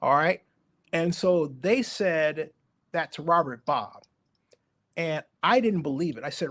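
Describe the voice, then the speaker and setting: A middle-aged man telling stories as an interview guest, animated and acting out the voices of people he quotes. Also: a little high, a little slow, pauses often. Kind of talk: storytelling interview.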